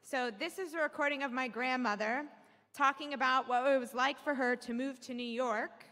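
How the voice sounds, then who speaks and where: The young policy analyst from Alabama talks candidly to a crowd in a big, echoey hall, moving from joking to earnestness. Her high voice has a fairly bright tone and a moderate pace.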